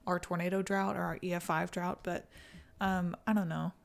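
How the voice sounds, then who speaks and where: Woman stream host, chatty and casual, slightly gravelly voice. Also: lowish voice, level tone, normal speed. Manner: chatty, talks to chat, laughs often. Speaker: livestream host. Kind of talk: casual chat reacting to a video.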